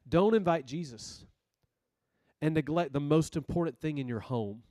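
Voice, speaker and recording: Man preacher, youth sermon, storytelling, slightly high voice, dry close sound. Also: normal speed, no room sound. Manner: storytelling, animated asides.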